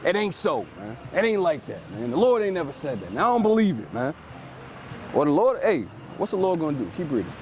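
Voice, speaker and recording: A man's voice: a little high, a little fast, slight background noise. A man preaching outdoors, explaining scripture in loose street slang and tagging phrases with "man". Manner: lively and emphatic, paraphrases scripture in street speech.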